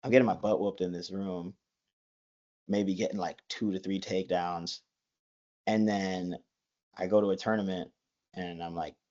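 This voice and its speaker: A man's voice: sits low, fairly even intonation, normal speed, pauses often, a little mellow. Young man, college wrestler guest, rambling, restarts sentences, muffled lo-fi sound. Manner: rambling, full of likes and restarts. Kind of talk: casual interview. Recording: dull lo-fi sound.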